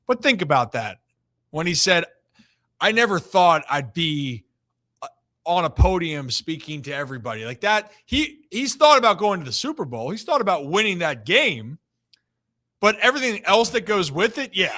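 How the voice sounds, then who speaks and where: A man's voice: on the high side, sing-song, pushed and bright, no room sound, clean studio sound. A man hosting a sports talk show, giving emphatic opinions in casual chat. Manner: opinionated, emphatic, drawn-out stresses.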